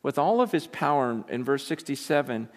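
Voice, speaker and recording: A man's voice: mid-range voice, expressive, a little fast. A man preaching a sermon in an impassioned, emphatic way, often repeating words as he builds up. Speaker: pastor. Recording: long reverb of a large hall.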